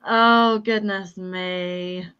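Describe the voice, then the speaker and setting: A woman's voice: mid-range voice, a bit bright, clear, resonant tone, muffled recording. A woman hosting a casual livestream chat, reading viewer comments aloud and joking at her own expense. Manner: self-deprecating, laughs often. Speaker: livestream host.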